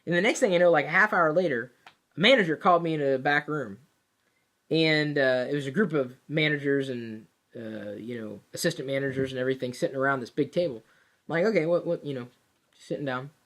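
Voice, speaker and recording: A woman telling a personal work story in a casual, animated way, with plenty of fillers and restarts. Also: a bass voice, a little fast. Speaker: vlogger.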